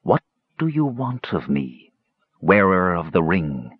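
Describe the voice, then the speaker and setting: A man voicing a menacing disembodied voice that hisses and thunders, speaking slowly and ominously. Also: low voice, sing-song, slightly rough, dry recording, phone-quality sound, heavily acted. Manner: slow, ominous and commanding. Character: hissing, thundering disembodied voice of a ring.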